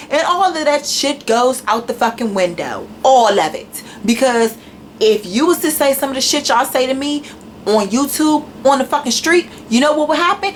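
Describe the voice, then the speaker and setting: Casting note: blunt, foul-mouthed woman vlogger, fairly high voice, faint background hiss. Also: a bit bright. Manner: blunt, heated, heavily profane. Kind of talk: profane rant vlog.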